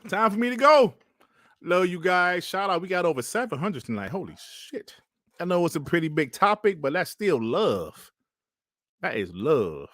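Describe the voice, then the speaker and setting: A man's voice: sits high, sing-song, moderate pace, fairly bright tone, no echo, clean studio sound. A man hosting a casual live stream, laughing often and trash-talking with plenty of swearing. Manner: laughing, profane trash talk.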